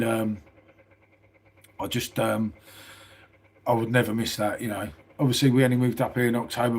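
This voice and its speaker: Husky southern English bloke, chatty. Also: male voice, mid-range voice. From England. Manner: chatty, peppered with "mate" and swearing. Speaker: live stream host. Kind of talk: casual live stream chat. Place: small house indoors.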